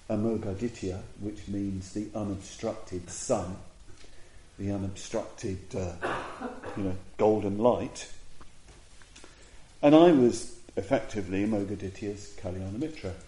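Low, mellow-voiced Buddhist teacher in a roomy space. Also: male voice, a little hiss or hum. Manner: reflective storytelling with frequent pauses and restarts. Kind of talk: Dharma talk.

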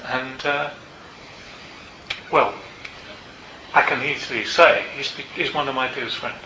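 An older man, a meditation teacher, tells a personal story to a group in a Buddhist centre, in a reflective and unhurried way with small asides. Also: mid-range voice, noisy background. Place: Buddhist centre meeting room. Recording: roomy, slightly dull hall recording.

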